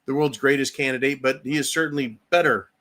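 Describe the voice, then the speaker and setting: A man's voice: medium pitch, fairly even intonation, fairly quick, fairly bright tone. A middle-aged man hosting a political commentary show, ranting angrily with profanity and sarcastic mock quotes.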